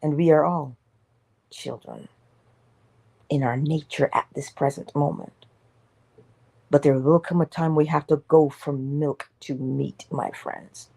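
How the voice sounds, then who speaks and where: A woman's voice: low voice, steady tone, measured pace, gravelly, long pauses, mellow. A woman giving an inspirational morning talk in an emphatic, preacher-like way, sometimes dropping to a whisper. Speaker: motivational speaker.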